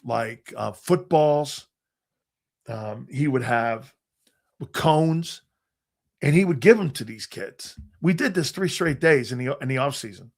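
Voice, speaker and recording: An older man with a gravelly, creaky voice, spinning loose stories live on a sports show. He circles back and restarts his sentences often and drops the occasional curse word. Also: medium pitch. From Connecticut, United States. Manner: rambling anecdotes, frequent restarts and fillers, profane. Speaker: sports show host and former football player.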